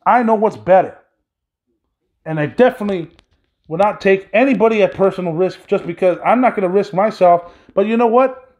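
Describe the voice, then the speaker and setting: A man's voice: high-pitched, fairly quick, a little mellow. A man hosting his own podcast, delivering an angry, profanity-laden solo rant. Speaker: podcast host. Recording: dull lo-fi recording.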